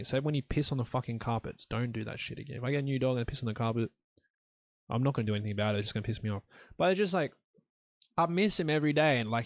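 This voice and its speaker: A man's voice: mid-range voice, dry recording. Young aussie guy ranting solo, swears a lot, dry close sound. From Australia. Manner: blunt, profane, rambling. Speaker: solo podcast host. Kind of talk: rambling casual monologue.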